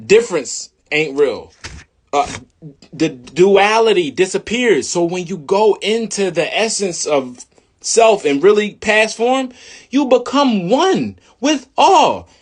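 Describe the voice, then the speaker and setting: A young man in a casual, slangy monologue, preaching about spirit and law, swinging between loud bursts and low mutters. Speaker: video host.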